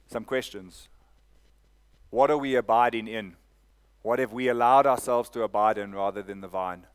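A man's voice: lowish voice, normal speed, pauses often, smooth. A man preaching a sermon, repeating phrases and asking "Amen?" of the congregation. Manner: preaching with call-and-response "Amen?" and repetition. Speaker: pastor.

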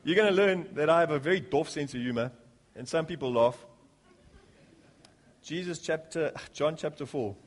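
Pastor, male, high-pitched; jokey banter building into fervent sermon. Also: normal speed, pauses often. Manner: jokey, rising to fervent preaching. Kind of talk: sermon with prayer. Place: church.

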